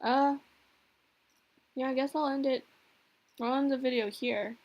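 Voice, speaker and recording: Brief: young woman, fairly high voice, chatty let's-play reactions. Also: fairly even intonation, a little slow, darkish tone, dull audio. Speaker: gamer playing a visual novel. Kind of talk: casual let's-play commentary.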